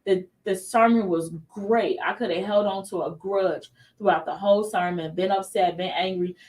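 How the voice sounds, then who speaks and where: A woman in her thirties hosts a casual faith talk show, telling stories animatedly and acting out what people said. She speaks in a mid-range voice at normal speed, and the recording sounds distant.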